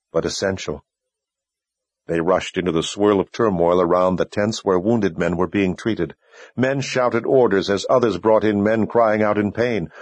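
Male narrator, husky and fairly low, dry booth sound, steady measured read. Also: no room sound. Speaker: audiobook narrator. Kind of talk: scripted narration.

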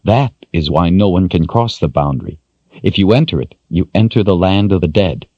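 A man's voice: low voice, moderate pace, no echo, highs cut off. A man voicing a haunted, frightened young woman. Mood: haunted, grave.

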